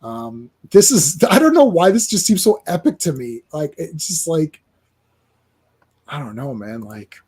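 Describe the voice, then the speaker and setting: Host, male, husky, slightly high voice, lively comic chat. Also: a little slow. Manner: animated, acts out comic dialogue in silly voices. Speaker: podcast host. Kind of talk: casual comic book chat.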